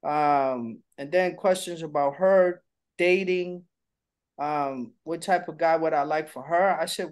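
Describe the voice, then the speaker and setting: A man's voice: on the high side, takes it slowly, clean tone. Middle-aged guy cohosting, candid and laid back, does little voices when telling stories. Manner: candid storytelling, playful voice impressions. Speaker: co-host. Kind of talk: casual chat.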